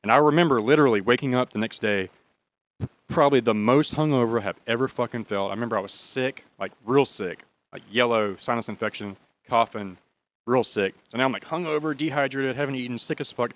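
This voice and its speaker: Male host, casual storyteller, swears a lot, rambling and animated, mid-pitched voice. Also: brisk. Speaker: podcast host, drummer.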